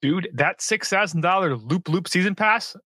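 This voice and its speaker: A man's voice: high voice, moderate pace, slightly rough, no room sound. A man co-hosting a podcast, talking casually and with strong opinions about ski passes and resorts. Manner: animated, opinionated, enthusiastic about skiing. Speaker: podcast co-host. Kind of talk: casual chat.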